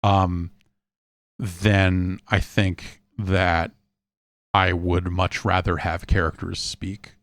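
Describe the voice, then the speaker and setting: Brief: male podcast host, lowish voice, loose and wry, lots of ums, dry close mic. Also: level tone, very slow, fairly bright tone, dry recording. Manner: rambling, wry, with many fillers and restarts. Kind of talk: casual chat.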